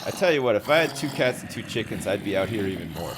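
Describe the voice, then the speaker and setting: Lively joking male streamer. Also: lowish voice, fast, background noise. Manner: joking, animated storytelling with swearing. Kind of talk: casual live-stream chat while gaming.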